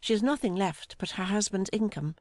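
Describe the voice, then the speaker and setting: A woman reading the part of a gentle, timid young woman, speaking softly and hesitantly with deep affection. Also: brisk, no room sound, studio quality, natural voice. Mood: tender. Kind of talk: audiobook dialogue reading.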